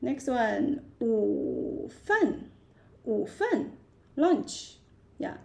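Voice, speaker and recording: A woman runs a live Chinese lesson at a very slow, patient pace. Her voice is mellow with a gravelly fry, and she repeats each word again and again. She lingers on each tone. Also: on the high side, sing-song. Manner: slow, repeats each word many times, stresses tones. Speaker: Chinese teacher. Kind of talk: live-streamed language lesson. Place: live stream set-up at home.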